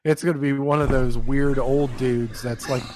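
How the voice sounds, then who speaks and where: A man's voice: mid-range voice, fairly even intonation, normal speed, background noise. A man chatting on a podcast, telling crude stories and jokes. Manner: crude, storytelling. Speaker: podcast co-host. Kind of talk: casual chat. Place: Pennsylvania.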